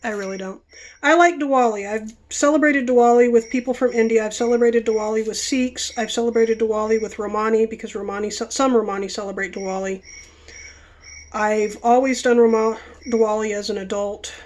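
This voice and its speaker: A woman's voice: on the high side, fairly even intonation, a little fast, a little mellow. A woman vlogger telling stories in a rambling, chatty way, stopping herself mid-thought while she works with her hands. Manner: chatty, self-interrupting. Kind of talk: rambling casual storytelling.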